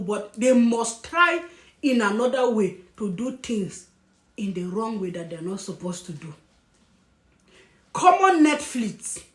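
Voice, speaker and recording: A woman vlogger giving emphatic, scolding commentary, breaking off now and then to apologize for what she says. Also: on the high side. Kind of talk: opinionated commentary. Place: lives in Germany. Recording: echoey room.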